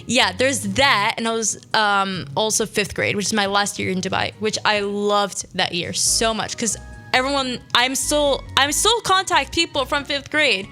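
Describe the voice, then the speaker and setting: A woman's voice: on the high side, bright, forceful tone. A young woman from Syria, hosting a radio show and telling stories from her school days in a chatty way. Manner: chatty, quick asides and quoted voices. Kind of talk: casual storytelling monologue.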